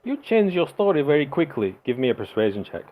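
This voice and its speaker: A man's voice: a little high, very animated, fairly quick, phone-quality sound, pitched above the performer's own voice. A man voicing a stern, suspicious male town leader who interrogates strangers in a tabletop game. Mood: pleased. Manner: interrogating, demanding.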